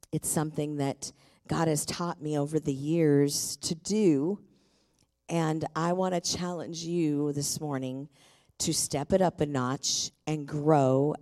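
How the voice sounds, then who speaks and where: A middle-aged woman pastor preaching a sermon from a church stage, leading the congregation in call-and-response, her voice a little deeper than usual. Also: dark tone. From Tacoma, USA.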